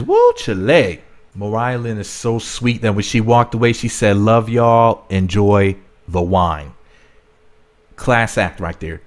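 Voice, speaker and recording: Male vlogger, mid-pitched, loose slangy recap delivery, chatty and digressive. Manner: rambling, slangy, self-correcting, gossipy. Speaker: reality TV reviewer. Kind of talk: casual recap commentary.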